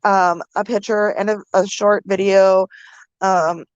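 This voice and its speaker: A woman vlogger from the American Midwest, talking to her viewers through tears, halting with many pauses and fillers. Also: medium pitch, little pitch movement, clear, resonant tone, dry recording, muffled recording. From Minnesota. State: crying. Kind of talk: emotional vlog talk to viewers.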